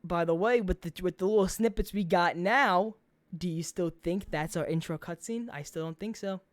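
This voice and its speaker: A man hosting a casual gaming podcast, excitable and full of filler words, swearing often. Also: high-pitched, moderate pace, no echo. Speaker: podcast host.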